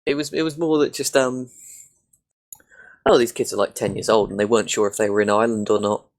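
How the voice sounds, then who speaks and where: A man's voice: lowish voice, steady tone, brisk, a little hiss or hum. A man, co-hosting a podcast, who tells rambling stories in casual banter. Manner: rambling anecdotal storyteller. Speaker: podcast co-host.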